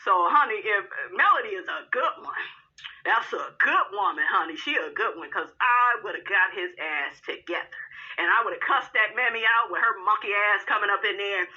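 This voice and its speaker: A woman giving loud, sassy, profane recap commentary on a reality show, calling the viewer honey and child as she goes. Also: medium pitch, moderate pace, muffled recording.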